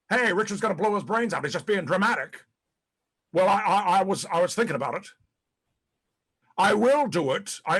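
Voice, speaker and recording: A paranoid, disgraced old ex-president in his sixties, played by a man in a dramatic monologue. He curses freely and rambles, tripping over repeated words. His voice sits a little high. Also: fairly bright tone, slightly rough, exaggerated voice. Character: disgraced older male ex-president, paranoid, bitter, self-pitying.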